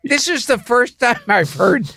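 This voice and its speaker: A man's voice: very high-pitched, very animated, unhurried, creaky, pushed and bright, no echo, clean studio sound. A comedian guest chatting casually, stammering and restarting his sentences. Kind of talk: casual chat.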